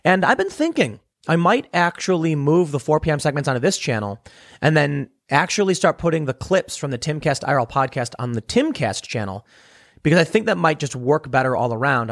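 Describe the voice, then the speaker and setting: A man's voice: on the high side, dry recording, studio quality. A man hosting his own commentary show, talking through analogies and acting out quoted voices. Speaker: political commentary host. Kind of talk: solo commentary monologue.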